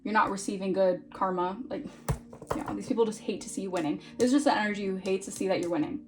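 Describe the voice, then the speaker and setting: A woman's voice: mid-range voice, fast, background noise. A woman giving a casual tarot reading in a chatty, informal way, often checking in with "all right?". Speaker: tarot reader.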